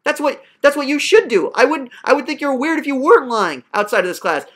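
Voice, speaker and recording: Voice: high voice, expressive, fairly quick, a bit bright. A professor berating a student in a profane, sarcastic classroom rant.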